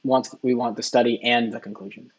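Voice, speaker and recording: A man working through practice test questions out loud, half-reading and mumbling his reasoning as he goes. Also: medium pitch, fairly even intonation, brisk, husky, dull audio. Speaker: test-taker and tutor. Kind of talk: think-aloud practice test, muttering while reading.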